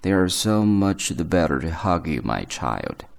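A sly big bad wolf from a bedtime story, as a man reading aloud puts him on. The voice sinks very deep and gravelly, gruff and quietly menacing. It sounds like a storybook reading. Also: big pitch swings, a little slow, full character voice. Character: big bad male wolf posing as grandmother.

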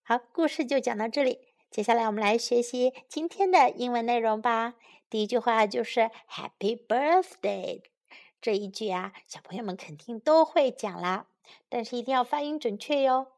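A woman from China reading a storybook to children and then teaching its English phrases, gently repeating them. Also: fairly high pitch, moderate pace. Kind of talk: bilingual storybook reading and English lesson for kids.

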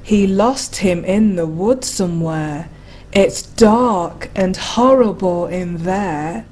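A woman reading a rhyming bedtime picture book aloud in a slow, rhythmic way. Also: lowish voice, darkish tone. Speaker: narrator.

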